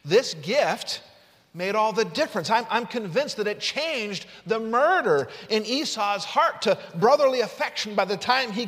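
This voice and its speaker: A man's voice: high-pitched, fairly bright tone. A man preaching a sermon who reads scripture aloud and animatedly acts out the characters. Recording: long reverb in a large room.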